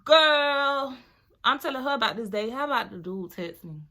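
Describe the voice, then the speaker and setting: Young woman vlogger, bright forward voice, animated storytime chat at home. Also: sits high, moderate pace. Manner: chatty, animated, talks to viewers as "girl". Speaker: beauty vlogger.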